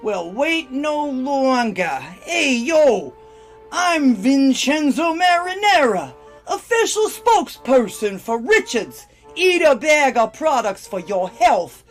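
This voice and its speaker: Brash New York Italian huckster for a spoof commercial, put on by a man, high and unhurried, with faint music behind. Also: big pitch swings, exaggerated voice. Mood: hustling.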